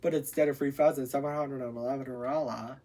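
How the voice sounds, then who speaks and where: A woman hosting her channel, reading a parody fairy tale aloud with lively storytelling, stumbling over long names. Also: very deep voice, brisk.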